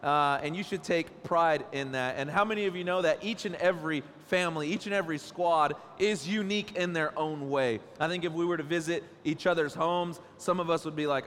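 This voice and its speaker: A man's voice: fairly high pitch, brisk, few pauses. A man in his thirties preaching a sermon in church, joking and telling stories about his family. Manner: playful, joking, animated storytelling. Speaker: pastor. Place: church stage. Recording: church hall reverb.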